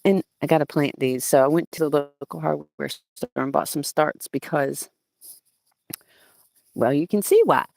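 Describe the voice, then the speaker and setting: Southern woman, gardening vlogger, low voice, chatty and lively, dry outdoor sound on an old phone. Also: moderate pace, creaky, no echo. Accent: Southern American. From southeastern Virginia. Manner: chatty and animated, cooing at plants and greeting viewers. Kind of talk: casual live-stream chat.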